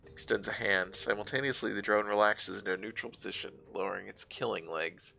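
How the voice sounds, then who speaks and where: With a lowish voice, some vocal fry and a fairly quick pace, a man reads a game's narration aloud during a stream. His steady reading is dotted with casual remarks.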